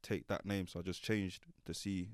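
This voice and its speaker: A young man with a South London accent, a rapper being interviewed, talking in slang with short quick replies. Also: low-pitched, flat delivery, a little mellow, no room sound, clean studio sound. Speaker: rapper, guest. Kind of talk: casual chat interview.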